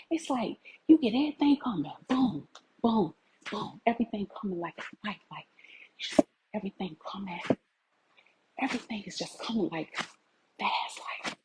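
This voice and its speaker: A woman's voice: medium pitch, a little mellow, breathy edge, rough recording. Tearful, impassioned woman in her forties. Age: 40s. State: crying. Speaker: vlogger. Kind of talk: emotional livestream talk.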